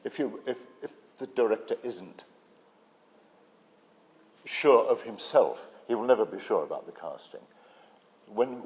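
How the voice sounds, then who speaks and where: An older British man, an actor, telling stories in an interview in a relaxed way, with fillers and restarts. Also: low-pitched. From Britain. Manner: relaxed storytelling with hesitant fillers. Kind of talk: interview anecdote. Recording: hall reverb with faint music.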